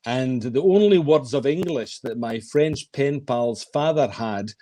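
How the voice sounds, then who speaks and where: A man's voice: medium pitch, measured pace. An older man with a Scottish accent, a writer answering interview questions on a video call with long, anecdotal stories. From west of Scotland. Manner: warm anecdotal recounting. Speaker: guest writer. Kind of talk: storytelling interview.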